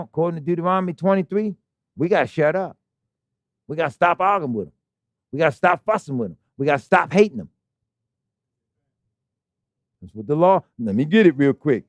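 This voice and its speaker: Emphatic high-voiced male preacher, dry sound. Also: no echo. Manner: emphatic, conversational preaching with rhetorical questions. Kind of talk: fiery sermon. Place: assembly hall in Baltimore.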